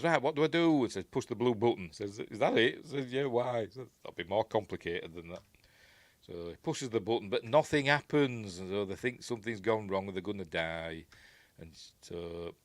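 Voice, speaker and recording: A man's voice: low voice, no room sound. A man with a Yorkshire accent giving a rambling, chuckling commentary on a film, acting out quoted lines. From Yorkshire, England. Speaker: film reviewer.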